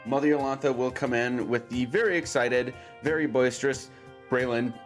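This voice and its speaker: A man's voice: medium pitch, steady tone, normal speed, faint music behind. A man narrating as game master for a tabletop game, loose and giggly, with lots of fillers.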